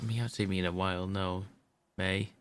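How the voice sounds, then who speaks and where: A man co-hosting a podcast, talking in a dry, halting way in a casual chat. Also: low-pitched, little pitch movement, a crowd in the background. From United Kingdom. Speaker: podcast co-host.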